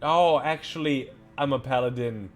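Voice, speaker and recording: Guy doing a rowdy cursing dwarf paladin, pitched way up, loud. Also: normal speed, faint music behind, lightly acted. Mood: boisterous. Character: boisterous swearing dwarf paladin man.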